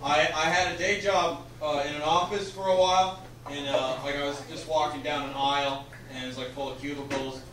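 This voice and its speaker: A man's voice: on the high side, level tone, a little fast, hardly any pauses, fairly bright tone. A young man from Canada doing a stand-up comedy set, rambling and self-deprecating and then building into exasperated rants. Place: comedy club stage with audience. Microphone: handheld stage mic, filmed from far in the room. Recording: echoey club recording from far off.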